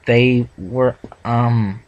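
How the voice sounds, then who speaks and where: A man's voice: mid-range voice, fairly even intonation, extremely slow, darkish tone, muffled recording, a little hiss or hum. A man reading as a stammering shy unicorn. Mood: flustered. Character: shy flustered young female unicorn student. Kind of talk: reading a fanfic aloud.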